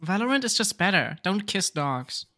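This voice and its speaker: Blunt teasing man with a bright voice. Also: high-pitched, sing-song, moderate pace, dry recording. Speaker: podcast co-host. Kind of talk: casual chat.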